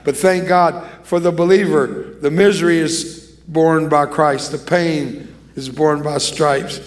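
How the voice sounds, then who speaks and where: An older man preaching a sermon as an evangelist. His voice sits a little high for a man. He preaches emphatically and draws the congregation into call-and-response. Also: fairly even intonation, slow.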